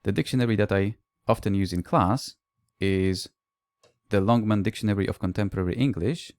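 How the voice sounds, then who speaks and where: A man with a fairly low voice presents at a language-teaching conference, explaining calmly and telling classroom stories with a few "uh" fillers. The sound is dry and close, with no room echo. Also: moderate pace.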